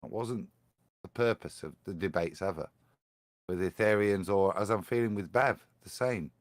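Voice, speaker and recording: A man on a live-stream panel chatting in a rambling, animated way. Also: low voice, normal speed, dry recording. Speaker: panel guest.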